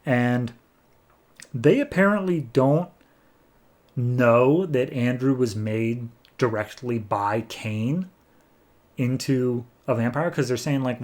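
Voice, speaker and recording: A man's voice: mid-range voice, slow, pauses often, a little mellow. Rambling man recapping a comic. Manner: rambling storytelling with many fillers. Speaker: podcast host. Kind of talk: casual comic book recap.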